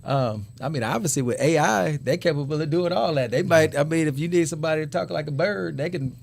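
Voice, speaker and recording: A man's voice: a little high, fast talker, creaky. A middle-aged man, a guest author, answering interview questions in a loose, rambling way and repeating words as he thinks. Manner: rambling, repeats words while searching for thoughts.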